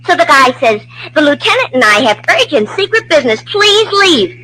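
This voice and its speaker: A woman's voice: high voice, very animated, normal speed, sharp tone, a little hiss or hum, exaggerated voice, low-quality recording. A woman playing a brash young wife of an army lieutenant, wisecracking and indignant, in 1940s radio acting style. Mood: sarcastic.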